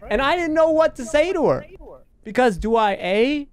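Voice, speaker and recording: Lively, swearing male podcast host. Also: extremely high pitch, moderate pace, smooth. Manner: animated, profane, acts out quotes. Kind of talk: casual live podcast storytelling.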